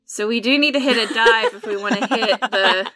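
A woman's voice: a little high, normal speed, over a noisy crowd. A woman playing a tabletop game, chatting in a playful, jokey way. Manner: playful, jokey, laughs often. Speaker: player. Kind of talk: casual tabletop game chat.

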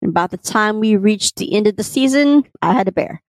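A woman with a Texan accent, co-hosting a casual podcast and telling stories in a chatty, quick way. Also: medium pitch, lively intonation, dry recording. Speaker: podcast co-host.

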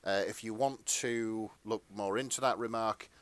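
A man's voice: on the low side, moderate pace. A man co-hosting a podcast, chatting through trivia and then narrating a fan story aloud. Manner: chatty, tangent-prone, lively storyteller. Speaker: podcast co-host reading the story. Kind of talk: casual chat and reading fanfic narration.

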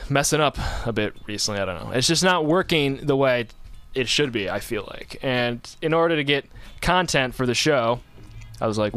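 A man's voice: mid-range voice, a bit bright, clear, resonant tone, dry recording. A man hosting a podcast, chatting casually and telling rambling stories with frequent self-corrections. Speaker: podcast host. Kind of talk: casual chat.

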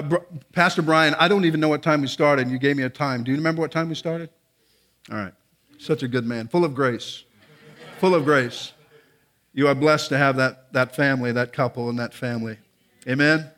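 A man's voice: on the high side, a bit bright. A man preaching a sermon to a church congregation, conversational and earnest, often restarting his sentences and building to emphatic appeals. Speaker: guest preacher. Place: church sanctuary.

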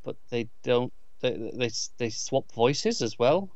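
A man's voice: medium pitch, lively intonation, slow, darkish tone, no room sound, highs cut off. A man co-hosting a casual podcast, emphatically arguing his complaints about an episode, often stammering as he restarts. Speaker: podcast co-host. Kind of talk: casual chat reviewing a TV episode.

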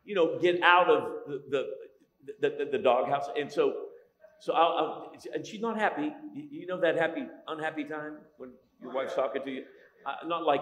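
A man's voice: medium pitch, brisk, a bit bright. A middle-aged man preaching a humorous sermon, telling stories with lots of restarts. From Italian-American. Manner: joking, storytelling, many restarts. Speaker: pastor. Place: large church hall. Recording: echoey church hall.

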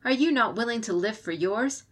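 Fierce defiant samurai woman, impassioned, forceful pleading, raised voice, audiobook role a woman reads out. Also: a little high, animated, moderate pace, voice pushed up. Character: fierce female samurai advisor, defiant, passionate.

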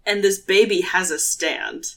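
A woman's voice: medium pitch, fairly even intonation, a little slow, fairly bright tone. A woman co-hosting a podcast, explaining things in a rambling way full of fillers and laughs. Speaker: podcast co-host. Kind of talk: casual chat.

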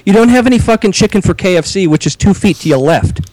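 A man's voice: sits high, fast talker, low-quality recording. A man telling a profane restaurant story in a casual podcast chat, acting out the voices of the people in it. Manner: animated, profane, mimics voices in stories.

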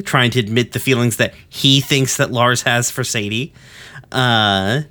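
A man's voice: steady tone, unhurried, sharp tone. A man on a podcast casually recapping an episode, rambling with lots of ums and uhs and throwing in curse words. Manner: loose, rambling, lots of ums and uhs, acts out quotes in higher voices.

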